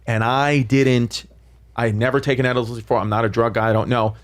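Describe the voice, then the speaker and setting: A man telling a wild, profane story on a podcast, fast and excitable, acting out his own lines. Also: medium pitch. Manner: rapid, profane, excitable anecdote with acted quotes. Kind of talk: animated storytelling.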